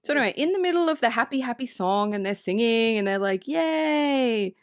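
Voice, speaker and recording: A woman's voice: fairly high pitch, animated, quick pace, no room sound, clean studio sound. A woman co-hosting a podcast, chatting casually and animatedly about a film, swearing freely and laughing often. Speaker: podcast co-host. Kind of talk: casual movie-review chat.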